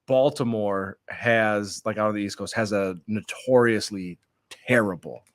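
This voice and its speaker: A man's voice: on the low side, unhurried, no echo. A man co-hosting a podcast, talking in an easygoing, chatty way with lots of fillers. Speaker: podcast co-host. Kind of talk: casual studio chat.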